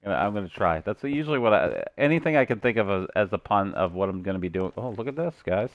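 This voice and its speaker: A man's voice: on the low side, expressive, fast. A man streaming gameplay live, chatting to his viewers and cracking puns as he plays. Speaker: gaming streamer.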